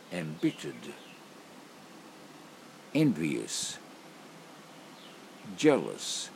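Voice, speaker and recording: A man with a low, gravelly voice reads single words one by one at a very slow pace. His pitch rises and falls widely from word to word. A faint hiss of noise sits under the recording. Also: darkish tone. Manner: slow, deliberate word-by-word reading with long pauses. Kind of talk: slow list of emotion words read aloud.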